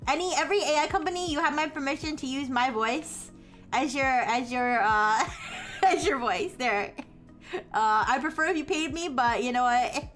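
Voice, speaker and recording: A woman streamer chatting casually to her viewers, rambling with lots of filler words and quick laughs. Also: sits high, fairly bright tone, faint music behind. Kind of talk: casual live-stream chat.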